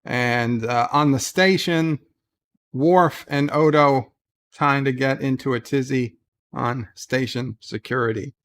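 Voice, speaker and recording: A man's voice: mid-range voice, a little slow, creaky, a bit bright. A man hosting a casual livestream from bed at home, reading viewer comments aloud and chatting about them with frequent fillers and restarts. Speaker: livestream host.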